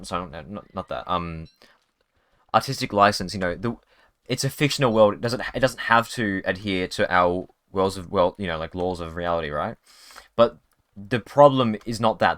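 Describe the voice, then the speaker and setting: A man's voice: fairly low pitch, a bit bright, dry recording. A man streaming a video game live, chatting casually in a rambling way with many restarts. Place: home streaming setup.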